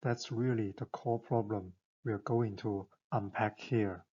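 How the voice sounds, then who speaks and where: This explainer is narrated by a man who is upbeat and chatty, peppering it with rhetorical questions. His husky voice is fairly low, warm and unhurried, with fairly even intonation. Audio quality is a little dull and lo-fi.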